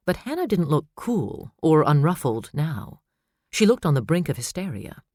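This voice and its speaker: A man narrating a suspense novel in steady, measured storytelling. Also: fairly high pitch, no echo, studio quality. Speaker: audiobook narrator. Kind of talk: scripted narration.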